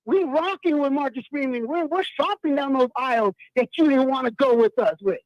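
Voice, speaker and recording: A middle-aged man calling into a fan show, ranting loud and fired-up with slangy talk, from the US West Coast. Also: extremely high pitch, fairly quick, dry recording, dull audio. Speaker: caller. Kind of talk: call-in fan rant.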